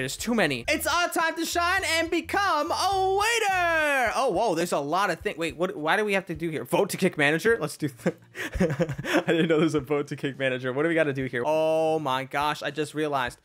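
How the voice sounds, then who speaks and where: A woman narrates her gameplay in a playful, teasing way, her pitch leaping up and down as she reacts. Her voice is bright and sharp, and she breaks into laughs often. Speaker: gaming video host.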